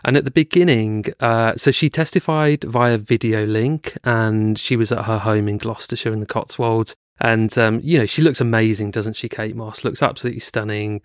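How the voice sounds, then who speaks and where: A man's voice: fairly low pitch, steady tone, normal speed, hardly any pauses, clean tone, no room sound, studio quality. A man co-hosting a podcast, chatting casually and swearing now and then, then reading scripted narration. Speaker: podcast co-host. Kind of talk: casual chat and read narration.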